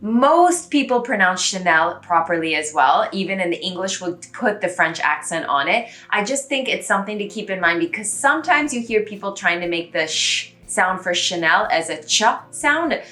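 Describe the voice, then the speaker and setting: A woman's voice: mid-range voice, lively intonation, sharp tone, faint music behind. Chatty American woman teaching pronunciation. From United States. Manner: chatty, repeats words slowly for practice. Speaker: language teacher. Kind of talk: casual pronunciation lesson.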